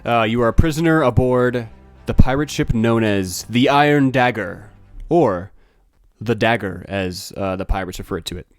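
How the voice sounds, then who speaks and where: A man's voice: mid-range voice, moderate pace, no room sound, faint music behind. A man narrating as game master for a tabletop game, rambling and correcting himself with lots of fillers.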